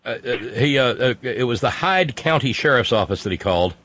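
A man's voice: mid-range voice, expressive, a little fast, a bit bright. A man co-hosting a talk show, telling a news story with heavy sarcasm and mocking asides. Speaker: co-host. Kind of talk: sardonic political banter.

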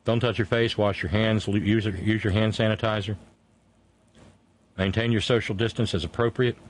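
A middle-aged man hosting a talk show in a fairly low voice. He talks earnestly, stumbling and restarting as he gathers his thoughts, and signs off with long rounds of thanks. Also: fairly even intonation. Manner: earnest, halting with many restarts. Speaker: radio show host. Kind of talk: casual on-air chat and sign-off.

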